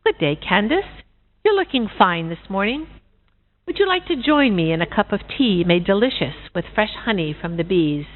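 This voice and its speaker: A woman voicing a cheerful, sociable busybody pig with a bright, chatty manner, on a tinny recording. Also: medium pitch, big pitch swings, moderate pace. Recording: tinny phone-like sound.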